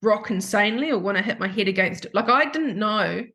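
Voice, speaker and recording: An Australian woman hosting a podcast, telling a personal story in an emotional, animated way and acting out the dialogue. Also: mid-range voice, brisk. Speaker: podcast host.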